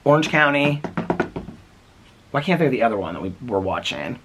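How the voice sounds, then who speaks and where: A man vlogging on his front porch, telling a rambling story in a chatty, casual way with quick asides. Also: mid-range voice, big pitch swings, noisy background.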